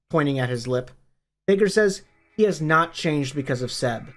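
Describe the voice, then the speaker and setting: A man's voice: on the high side, expressive, normal speed, a bit bright. A man, a book reviewer, retelling a novel's story in a plain, matter-of-fact way. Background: faint background music.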